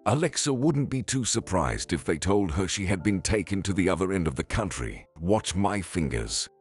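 A man narrating a scripted story in an expressive storytelling manner. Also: sits low, a little fast, breathy edge. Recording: faint background music.

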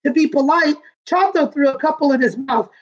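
A woman kindergarten teacher reading a picture book aloud to children, gently explaining words and asking them questions. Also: sits high, fairly quick, muffled recording.

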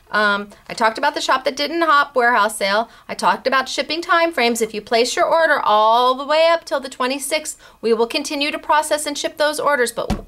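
A woman hosting a craft shop video show, chatting through announcements in a bubbly, giggly way and spelling out names and numbers slowly. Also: a little high, fairly bright tone. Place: craft store.

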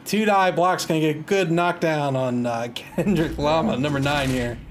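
A man's voice: on the high side, normal speed, background noise. A man doing casual play-by-play commentary on a match. He laughs often, is wry and self-amused, and groans in mock despair at the plays.

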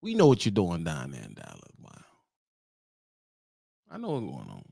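A man's voice: sits low, wildly swooping pitch, moderate pace, creaky, dark tone, slightly rough, dry recording, studio quality. Brash teasing man with a drawl. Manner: brash, teasing, laughs often, apologizes mockingly. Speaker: livestream host. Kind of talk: casual livestream rant.

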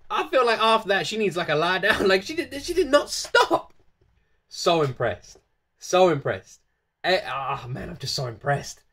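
This voice belongs to a video host reacting to a music performance, talking straight to the camera in an easy, unscripted way. The speaker is effusive and says the same phrases over and over, with frequent bursts of laughter. The voice sits in a middle pitch range. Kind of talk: casual reaction vlog talk to camera.

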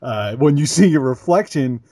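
Halting podcast host man, dry mic. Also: mid-range voice, expressive, warm tone, no echo. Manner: halting, restarting phrases. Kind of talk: casual podcast chat.

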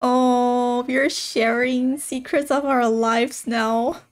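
A woman hosting a casual reaction video, excitable, laughing often and swearing casually. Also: fairly high pitch, extremely slow.

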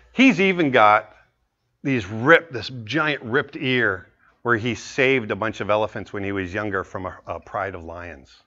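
A man in his forties, a guest speaker pitching an animated story with earnest, animated storytelling. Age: 40s. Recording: muffled lecture recording.

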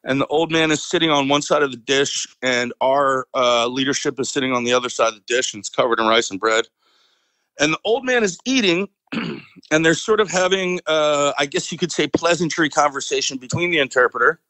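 A man's voice: a little high, a little fast, sharp tone, dry recording, rough recording. Vet guy rambling through a story on a podcast, lots of uh and you know, dry close mic. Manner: rambling, fillers, chuckles often. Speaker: military veteran guest. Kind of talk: casual storytelling.

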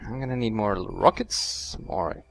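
A man's voice: big pitch swings, measured pace, vocal fry. A man commentating as he plays a strategy game, sarcastic and talking to himself. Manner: sarcastic, talks to himself, wild swings in pitch. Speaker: let's play host. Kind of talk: casual gameplay commentary.

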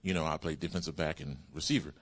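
A man preaching a sermon as pastor, calling out hallelujah and praise the Lord as his pitch swings up and down. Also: fairly even intonation, fast talker, slightly rough. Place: church sanctuary.

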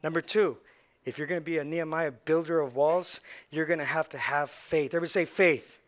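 A man's voice: on the high side, fairly even intonation, a little fast. A male pastor preaching a passionate sermon in a church, leading the congregation in call and response. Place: church sanctuary.

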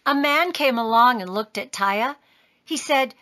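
A woman reading a children's story aloud in an expressive, sing-song way. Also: high voice, measured pace. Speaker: storybook reader.

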